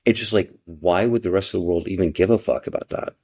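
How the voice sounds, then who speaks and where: A man's voice: low voice, quick pace, darkish tone. A male podcast host in casual chat, rambling, swearing a lot and often tagging his lines with "right?".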